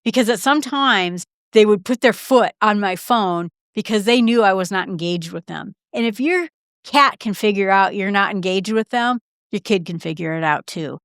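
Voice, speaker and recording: Chatty woman podcast host, smooth dry voice. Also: mid-range voice, fairly bright tone, dry recording. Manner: chatty, quick asides with fillers and restarts; acts out short quoted exchanges in her own voice. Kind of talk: casual solo podcast talk.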